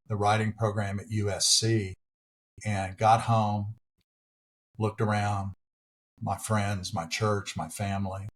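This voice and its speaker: Middle-aged guy, lowish voice, chatty storyteller, pokes fun at himself. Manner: anecdotal, self-deprecating humor. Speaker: podcast guest, actor and preacher. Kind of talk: casual interview.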